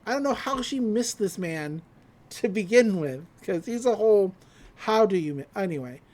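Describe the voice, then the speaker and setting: A podcast host giving a casual episode recap, laughing often and swearing freely. The delivery is loose and chatty, in a medium-pitched voice. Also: animated, normal speed, a little mellow.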